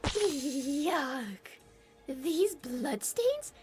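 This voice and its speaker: A woman's voice: sits high, big pitch swings, drawn-out words, heavily acted. A woman voicing a vain, bratty female animatronic chicken with a valley-girl drawl, in a web cartoon. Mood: snotty. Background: music.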